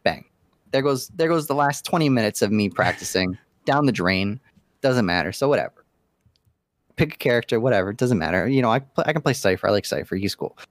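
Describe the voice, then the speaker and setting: A man co-hosting a casual podcast, telling stories with animated asides. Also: on the low side, fairly quick, dry recording, clean studio sound. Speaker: podcast co-host. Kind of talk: casual chat.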